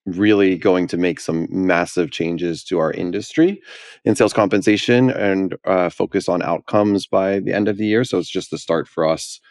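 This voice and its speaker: A man's voice: sits low, steady tone, normal speed, a little mellow, dry recording, studio quality. A man co-hosting a business podcast, talking earnestly about his company in a casual chat. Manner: earnest, many fillers and restarts. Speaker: podcast co-host, company leader.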